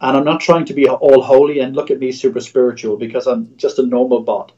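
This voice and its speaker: A man's voice: medium pitch, little pitch movement, quick pace, dark tone, lo-fi sound. A middle-aged man, a Christian radio executive, speaking as a guest in a livestream interview over a video call, in an earnest, preacher-like way with repeated phrases.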